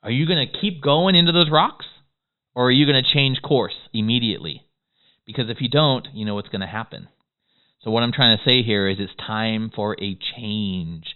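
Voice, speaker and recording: A man giving a motivational business course lecture. He talks fast and excitably and keeps checking in with "okay?". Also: lowish voice, clear, resonant tone. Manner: fast-talking, excitable, peppers lines with "okay?". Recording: tinny phone-like audio.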